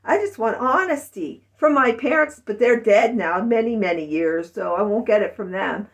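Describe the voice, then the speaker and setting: A woman's voice: a little high, lively intonation, moderate pace, distant mic, low-quality recording. A middle-aged woman talking through a rambling, emotional personal monologue, sometimes mimicking her family's words. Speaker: vlogger.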